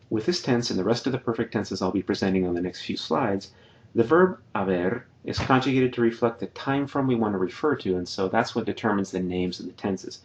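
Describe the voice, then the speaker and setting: A man's voice: lowish voice, a little mellow, lo-fi sound. A man teaching a Spanish grammar lesson over slides, patiently explaining and repeating each example sentence. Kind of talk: slide-based grammar lecture.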